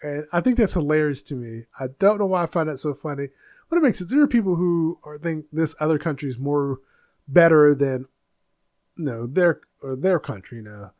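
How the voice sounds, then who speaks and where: A man's voice: a little high, darkish tone, no room sound, clean studio sound. A middle-aged man hosting a casual solo podcast from his home office, rambling and easily sidetracked, laughing at his own stories. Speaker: podcast host.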